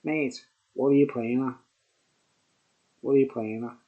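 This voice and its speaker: Narrow, tinny audio captures a mid-range male voice that's steady and a bit slow. He's tipsy from drinking, reviewing beer on camera in a rambling, repetitive monologue studded with "mate" and "right?".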